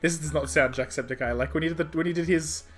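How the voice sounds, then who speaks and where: A man's voice: on the high side, fast, a bit bright, faint music behind. Rambling, joking male streamer. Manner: joking, rambling, self-mocking. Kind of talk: casual game playthrough chat.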